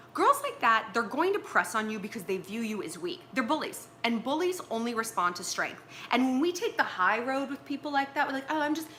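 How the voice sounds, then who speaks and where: A woman's voice: fairly high pitch, fairly bright tone, a little hiss or hum. A woman from Los Angeles hosting a casual advice livestream from home, blunt and swearing freely. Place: at home with pillows and tea.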